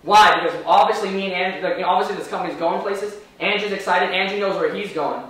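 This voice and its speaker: An energetic man trains a room of salespeople, firing rhetorical questions at his audience. His voice sits high and he talks fast. He is recorded from far off in a very echoey room. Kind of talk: live training seminar.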